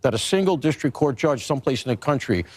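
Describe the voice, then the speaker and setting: Lively-toned man explaining legal points. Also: medium pitch, fast. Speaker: guest commentator with legal background. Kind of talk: legal commentary.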